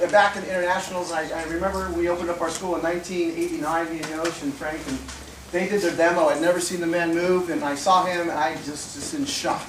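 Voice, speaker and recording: A martial arts instructor giving a fast, animated tribute speech at a ceremony. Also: male voice, high-pitched, background noise. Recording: echoey room, far from the mic.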